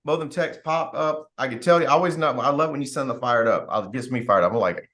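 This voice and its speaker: A man's voice: mid-range voice, quick pace. A man leading a team call, giving a fired-up motivational talk, acting out what other people say and laughing often. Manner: animated, acts out quoted people; laughs often, rambling restarts. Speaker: team leader hosting a call.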